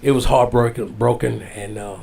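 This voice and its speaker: A man telling a heartfelt story as a guest, drawn out, dropping low and soft on the sad parts. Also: steady tone, moderate pace, vocal fry, a little hiss or hum. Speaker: wrestling guest. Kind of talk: storytelling in casual interview.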